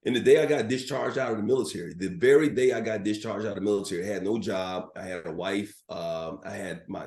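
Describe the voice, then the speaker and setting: Low-voiced man telling lively stories. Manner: animated anecdotes with filler words. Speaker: sports broadcaster, guest. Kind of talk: storytelling in a podcast interview. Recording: roomy echo.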